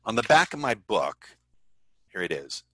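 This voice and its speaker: A man's voice: on the low side, sing-song, measured pace, pushed and bright, dry recording, low-quality recording. A middle-aged man teaching sales in an online webinar, emphatic and repetitive, drilling key phrases over and over. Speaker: sales trainer.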